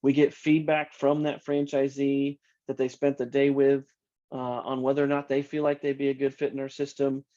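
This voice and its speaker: A man speaking as a company executive in an interview, earnest and measured. His delivery stays flat, with mid-range pitch. The audio sounds dull and lo-fi. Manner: earnest, measured, repeats words when starting. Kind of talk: interview answers.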